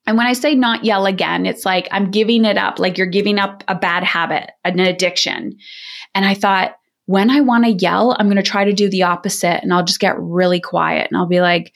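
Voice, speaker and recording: A middle-aged woman talking as a parenting coach in a podcast interview, direct and energetic, often acting out quoted voices. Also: mid-range voice, normal speed. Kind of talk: candid podcast interview talk.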